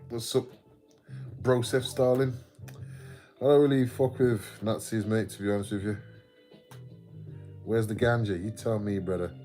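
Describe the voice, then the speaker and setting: Over soft background music, a livestream host from the English Midlands chats unhurriedly in a warm, fairly low voice, his intonation mostly even and his speech broken by frequent pauses. He's sweary and rambling, laughing a lot as he reads viewer comments aloud.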